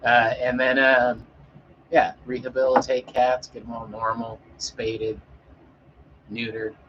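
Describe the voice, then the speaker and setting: A man's voice: medium pitch, flat delivery, slow, highs cut off, slight background noise. A man chatting casually with an audience as a streamer, rambling and joking with frequent swearing and fillers.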